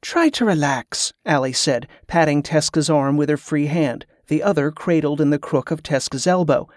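An audiobook narrator reading fiction in an even, measured manner. The voice sits at a middling pitch and the recording is dry and close, with no room sound. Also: no room sound.

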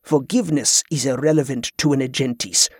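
A man voicing a stern old combat master who speaks in clipped, flat, commanding lines. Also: medium pitch, a little fast, slightly rough, no echo, studio quality, natural voice.

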